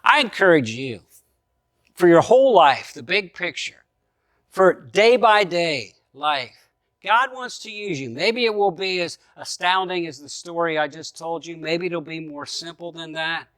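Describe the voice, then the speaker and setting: A middle-aged man preaching a sermon, telling a personal story with lively storytelling and acting out his own thoughts. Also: a little high, unhurried, no echo, studio quality. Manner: animated storyteller who acts out his own thoughts, chuckling at times. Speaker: pastor.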